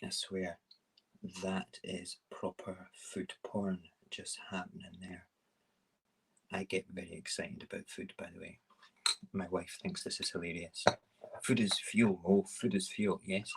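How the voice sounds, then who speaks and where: Very deep-voiced man chatting. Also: slow pace, gravelly, pauses often, husky, poor audio. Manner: rambling, animated, self-mocking. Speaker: morning show host. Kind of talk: casual live-stream chat while cooking.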